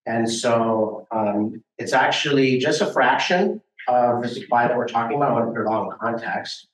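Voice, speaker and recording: A man's voice: medium pitch, normal speed. A man from Hawaii giving a casual, hesitant slide talk for a think tank at a meeting. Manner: casual, hesitant with many fillers. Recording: roomy and distant from the mic.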